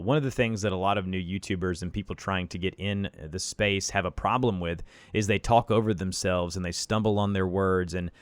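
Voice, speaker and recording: A man with a Southern American accent hosts a casual podcast, asking his guest considered questions and often doubling the first words of a sentence. His voice is fairly low, and the sound is dry and close. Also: clear, resonant tone, no room sound. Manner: thoughtful questioner, repeats words as he starts sentences. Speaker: podcast host.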